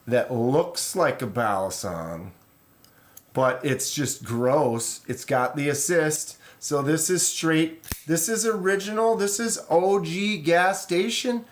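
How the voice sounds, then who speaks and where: Laid-back man rambling on a live stream. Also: a little high. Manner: relaxed, rambling, reads chat aloud. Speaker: knife channel host. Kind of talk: casual live stream chat.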